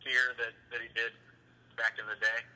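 A man on a call catching up with an old friend, talking in a dry, sarcastic and halting way. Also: medium pitch, level tone, bright, forceful tone. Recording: tinny phone line.

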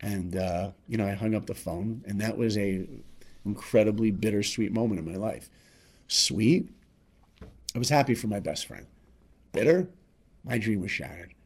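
Husky, animated middle-aged man. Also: fairly low pitch, normal speed, long pauses. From New York. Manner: animated, acts out voices in his stories. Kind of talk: motivational storytelling.

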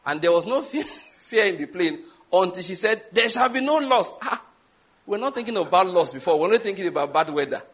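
Animated and fairly quick, a Nigerian-accented preacher narrates a story in his sermon with a slightly rough voice. Key words get emphatic stress, jumping up in pitch and volume.

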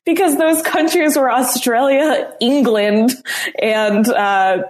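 A woman co-hosting a podcast in easy, casual chat. She teases her co-host and laughs often. Her comebacks come quickly and playfully. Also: a little high, fairly even intonation.

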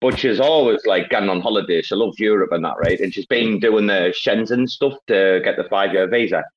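A man from Northeast England with a Northeast English accent, telling loud, sweary stories in a casual chat. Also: lowish voice, fairly quick, lo-fi sound.

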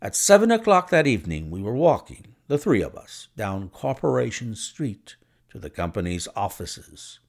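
A man narrating a classic short story in an expressive, scripted reading. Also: on the low side, moderate pace, gravelly. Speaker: audiobook narrator.

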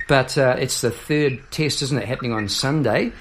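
A man's voice: medium pitch, normal speed, a little hiss or hum. A jovial, chatty man hosting a casual video chat, laughing easily. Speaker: host. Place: Melbourne.

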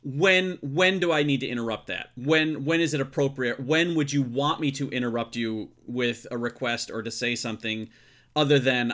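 A man in casual podcast chat, working slowly toward a question about waiting tables. He hesitates often and restarts his sentences, and his voice sits at a middling pitch. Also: a bit bright. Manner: hesitant, many ums and restarts. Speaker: podcast co-host, former server.

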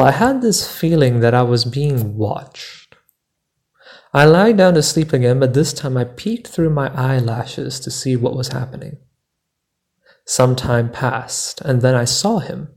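Slow, deliberate male storyteller. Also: medium pitch, a little mellow. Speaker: podcast host. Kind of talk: scripted travel story narration.

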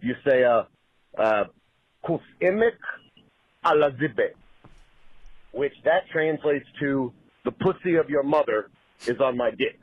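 A man calling in from his car, explaining slowly with many hesitations. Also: mid-range voice, animated. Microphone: phone call. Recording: tinny phone line.

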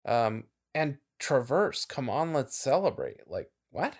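Gravelly guy on a podcast, chatty, voice bounces around a lot, lots of ums and laughs. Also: mid-range voice, very animated, takes it slowly. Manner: chatty, laughing, trailing off with fillers. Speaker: podcast co-host. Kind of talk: casual chat.

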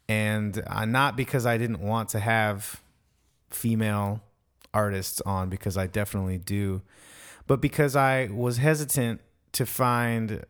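Male podcast host, home studio, lower voice, enthusiastic and full of praise. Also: clear, resonant tone. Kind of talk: casual podcast conversation.

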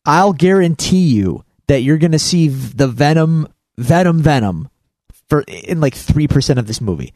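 Animated man ranting in casual podcast chat. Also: fairly high pitch, moderate pace, dry recording. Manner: animated, rambling with restarts. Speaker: podcast co-host.

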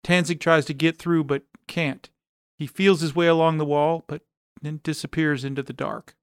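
A man reading an action story aloud as narrator, in a steady, even delivery. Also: on the high side, normal speed, clean tone, no room sound, clean studio sound.

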